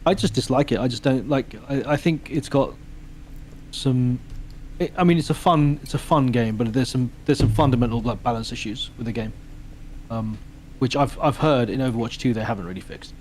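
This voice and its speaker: A man's voice: medium pitch, moderate pace, a little mellow, a little hiss or hum, low-quality recording. A man co-hosting a gaming livestream in casual chat, teasing playfully and stumbling through self-corrections. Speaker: co-host.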